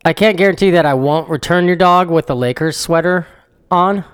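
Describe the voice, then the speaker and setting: Easygoing male podcast co-host, fairly high. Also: moderate pace, smooth. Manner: laid-back storytelling, laughs often. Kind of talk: casual chat.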